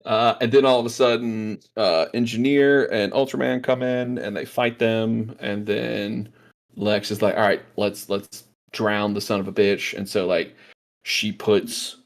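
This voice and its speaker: Podcast host, male, lowish voice, eager scene-by-scene recap, chatty and loose. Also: a little slow, vocal fry. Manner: excited retelling, lots of fillers, acts out quotes. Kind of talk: casual movie review chat.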